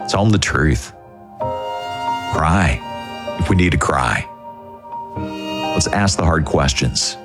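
A man giving an earnest, pastoral devotional talk on the radio, gently asking rhetorical questions. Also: extremely low pitch. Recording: music bed underneath.

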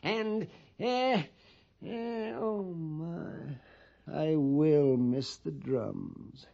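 A man's voice: a little high, big pitch swings, slow pace, a little mellow, breathy edge, exaggerated voice. An actor playing a nervous, fussy male storekeeper at an army post in a 1950s radio drama, theatrical and prone to whispering. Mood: fussy, pompous. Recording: dull old radio broadcast recording.

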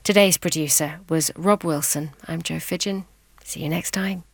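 A woman hosting a radio interview, asking measured questions and closing the show. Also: low voice, fairly even intonation, gravelly, dry recording. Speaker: radio host.

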